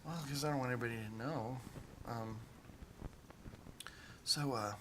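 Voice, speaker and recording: A man voicing a sneaky male scout who hatches mischievous plans, talking in a hushed, conspiratorial whispered role-play. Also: medium pitch, steady tone, brisk, creaky, background noise.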